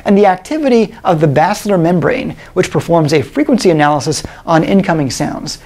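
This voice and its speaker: A middle-aged man with a fairly high, darkish voice gives a recorded college lecture. He explains things in a measured way, with frequent pauses and fillers.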